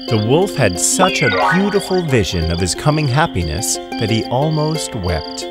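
A man reading a children's fable aloud as scripted narration, gentle and expressive. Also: medium pitch, normal speed, hardly any pauses. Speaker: storyteller. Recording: narration over loud music.

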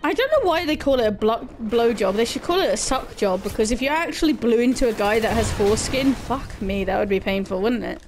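A young woman chatting casually and bluntly with her viewers, crude and quick to giggle. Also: on the high side, expressive, a little mellow, slight background noise. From Britain. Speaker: gaming livestreamer. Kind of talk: casual chat answering viewer questions.

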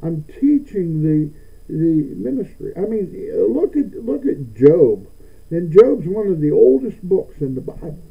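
A man's voice: on the high side, husky. A man preaching a sermon as pastor, often stammering and repeating words, building to emphatic declarations. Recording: tinny phone-like sound.

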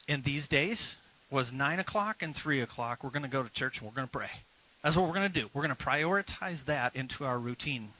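Bright, energetic male pastor preaching. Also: medium pitch, poor audio. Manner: energetic, calls the congregation to repeat phrases. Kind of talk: sermon. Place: church service.

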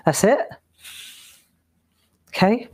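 In her home craft studio, a woman tutor leads a live craft demonstration, chatting and counting strokes aloud as she draws. She draws out her words, and her tone is darkish.

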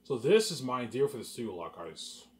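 Speaking a little fast in a medium-pitched, sing-song voice with a slightly mellow quality, this young man from Canada brags to his viewers about what he intends to do. The vlog is loose and rambling, full of repeated words and restarted phrases as he daydreams out loud.

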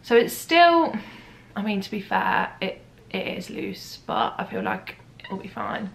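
A woman's voice: medium pitch, huge pitch swings, unhurried, creaky, fairly bright tone, a little hiss or hum, rough recording. A young woman chatting casually to camera at home, gushing and rambling with lots of "like"s. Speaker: vlogger. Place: at home, kitchen.

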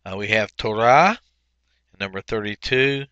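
A man walks through a grammar workbook as a teacher, talking slowly and methodically with frequent pauses. His voice has a bright, forward edge, and the recording is dry with no room sound. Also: fairly low pitch, no echo, highs cut off. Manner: methodical, pauses often with fillers while explaining. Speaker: Biblical Hebrew teacher. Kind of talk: recorded workbook walkthrough lesson.

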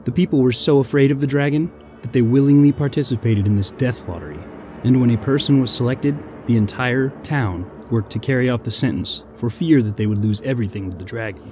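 A man narrating a legend as a podcast storyteller in an even, scripted delivery. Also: medium pitch, a little fast, slight background noise.

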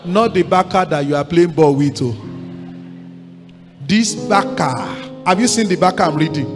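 A man's voice: on the high side, animated, moderate pace. A Nigerian man preaching a sermon as pastor, urging his congregation to repeat lines back to him with repeated declarations. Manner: exhorting, repetitive call-and-response with congregation. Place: large church hall. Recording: long church hall reverb, faint music.

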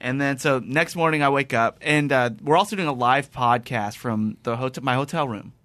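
A man hosting a podcast, spinning a casual anecdote with animated energy and quick laughs. He acts out both sides of his phone calls as he goes. The room sounds dry, with no echo. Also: medium pitch. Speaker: podcast host. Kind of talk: casual storytelling chat.

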